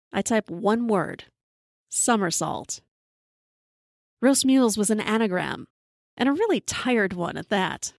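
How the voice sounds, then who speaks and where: Woman host, sardonic storyteller, mid-pitched, close dry recording. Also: dry recording. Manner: sarcastic, wry storytelling. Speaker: podcast host. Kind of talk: storytelling monologue.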